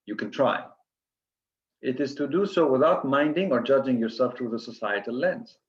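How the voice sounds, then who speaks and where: A man's voice: medium pitch, normal speed, highs cut off. A man giving an earnest coaching lecture to physicians, listing steps with frequent restarts.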